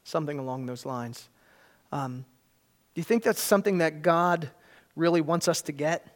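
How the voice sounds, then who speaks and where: At a normal pace, a preacher delivers a church sermon with emphasis, repeating central phrases and growing loudly excited at the high points.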